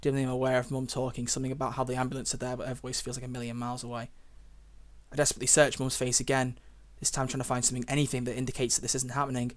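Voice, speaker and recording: A young man streaming, reading a visual novel aloud and breaking off into emotional, loud reactions. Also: mid-range voice, completely flat delivery, very fast. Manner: emotional, swings from hushed reading to loud exclamations.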